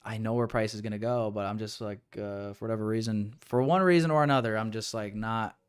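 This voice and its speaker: This young man is live-streaming his day trading, talking casually while frustrated, rambling, restarting and calling everyone "boys." His voice is on the low side, clear and resonant, with a brisk pace.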